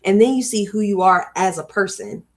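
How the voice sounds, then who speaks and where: A woman's voice: mid-range voice, normal speed, close to an everyday voice. A woman voicing a middle-aged divorced man who tells his story earnestly in a put-on accent, read aloud from a book.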